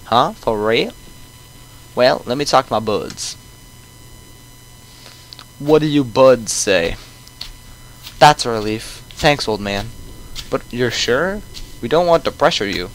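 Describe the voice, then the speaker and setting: A laid-back young traveler talks in a relaxed, casual way, read by a man in his own voice. The pitch is ordinary and middle for a man. Nothing is put on beyond a plain reading. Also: measured pace, poor audio.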